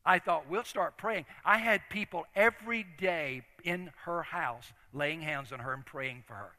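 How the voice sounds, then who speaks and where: A man's voice: fairly high pitch, unhurried, sharp tone. An older man preaching a sermon as a story, talking in an earnest, conversational way with frequent restarts. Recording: long reverb of a large hall.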